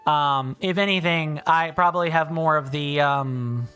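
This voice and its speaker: On the high side and a little slow, his voice is sharp yet clean, with soft background music. The man, in his thirties and from South Carolina, US, speaks with a British-sounding accent while hosting a casual game stream, chattily reading chat with lots of fillers and restarts.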